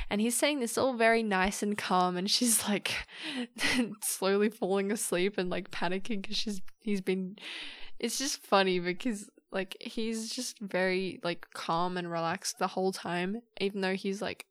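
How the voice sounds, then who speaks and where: A woman's voice: mid-range voice, fairly even intonation, a little slow, no room sound. A young woman hosting a casual solo podcast, rambling and chatty as she retells a film story. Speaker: podcast host.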